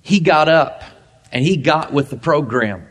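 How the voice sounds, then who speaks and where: A man with a high-pitched voice preaching a sermon. He is emphatic and leans on repetition, drawing out key words to stress them. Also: animated, unhurried, fairly bright tone. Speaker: pastor.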